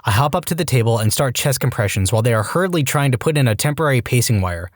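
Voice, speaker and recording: A man reading online stories aloud as a narrator, with a deadpan comic delivery. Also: medium pitch, fast talker, dry recording, studio quality. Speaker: story narrator.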